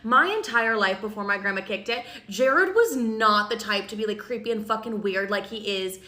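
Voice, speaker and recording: A young woman casually telling a family story to her phone camera, blunt and profane, gossiping with animated energy. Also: medium pitch, moderate pace.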